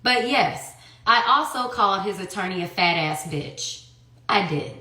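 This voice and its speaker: A woman's voice: medium pitch, expressive, unhurried, sharp tone. Fiery woman venting in a roomy space. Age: 30s. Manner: fiery, profane, fires off rhetorical questions. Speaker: livestreamer telling her story. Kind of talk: heated personal monologue. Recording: roomy echo.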